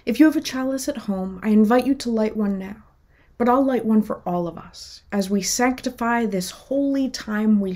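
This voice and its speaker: A woman minister leads a worship service in an unhurried, measured voice. She speaks slowly and calmly, pausing between phrases. Her pitch sits in an ordinary middle range. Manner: slow, calm and measured. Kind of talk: sermon.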